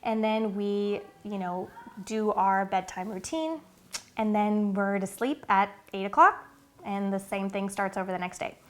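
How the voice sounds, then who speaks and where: A woman's voice: mid-range voice, fairly even intonation, a little slow, slight background noise. A woman in her thirties talking casually to camera about her family's routine, earnest and chatty with many fillers. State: getting emotional, near tears. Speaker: vlogger and mother.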